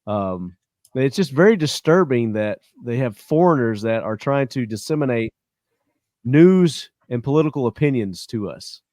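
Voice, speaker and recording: A man's voice: medium pitch, expressive, normal speed, darkish tone, no echo, studio quality. A man hosting a podcast in casual chat, blunt and profane, airing strong opinions. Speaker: podcast host.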